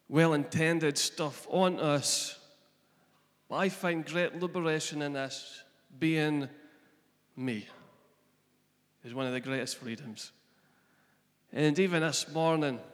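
A man with a Scottish accent preaching a sermon, retelling scripture in plain everyday speech. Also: a little high. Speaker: pastor. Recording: long echo of a large hall.

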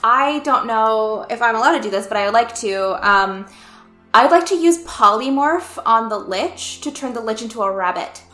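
A woman's voice: fairly high pitch, animated, normal speed, fairly bright tone. A woman playing a tabletop game, hesitant and full of fillers as she describes her turn. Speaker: player. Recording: echoey room with faint music.

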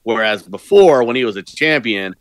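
A man co-hosting a podcast, chatting casually about old wrestling shows, halting with lots of fillers and quick to laugh. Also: mid-range voice, animated, no echo. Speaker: podcast co-host.

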